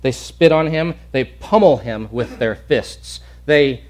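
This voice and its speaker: Guy pastor preaching, mid-pitched voice, earnest and emphatic, keeps restarting and repeating himself. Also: slow pace, darkish tone. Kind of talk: sermon.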